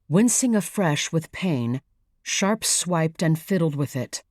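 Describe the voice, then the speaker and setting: A woman narrating a thriller audiobook in a measured, even storytelling manner, read close to the mic. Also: sits low, no echo. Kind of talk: scripted narration.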